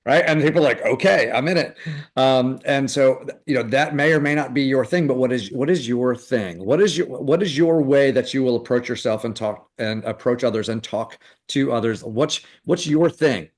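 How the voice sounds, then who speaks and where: Man, webinar coach, rambling and casual, middle pitch, video call. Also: moderate pace, hardly any pauses. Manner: loose, rambling talk full of fillers and restarts. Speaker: recruiting coach. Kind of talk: live webinar coaching session.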